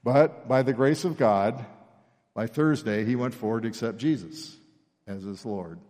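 At a measured pace and in a mid-range voice, a pastor weaves stories from his own past into a sermon, animatedly acting out the people he quotes. The recording has the long reverb of a large church sanctuary.

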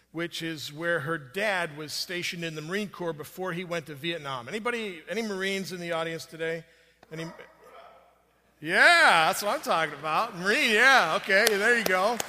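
A man's voice: fairly high pitch, sharp tone, big-room sound. A man preaching a sermon, telling a story in a conversational way with restarts and fillers. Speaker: pastor.

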